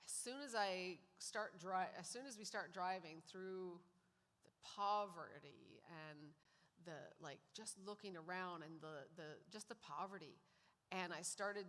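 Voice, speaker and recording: Woman sharing her testimony at church, bright tone, lots of hall echo. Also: fairly low pitch, a little slow. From Canada. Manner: storytelling, acts out quoted lines. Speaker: guest speaker sharing testimony. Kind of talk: personal testimony in a church service. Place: church sanctuary. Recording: long hall reverb in a church.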